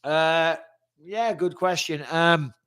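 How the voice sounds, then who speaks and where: Still recovering from what sounds like a cold, a man in his forties runs a live fan chat, reading out questions and responding bluntly, chattily and with free swearing. His voice is on the high side, slow, a bit bright, clear and resonant.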